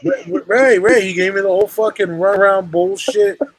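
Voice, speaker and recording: A man's voice: high-pitched, normal speed, low-quality recording. A young man telling a long story in casual chat, rambling and full of street slang. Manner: rambling, street slang, lots of "bro" and "right?".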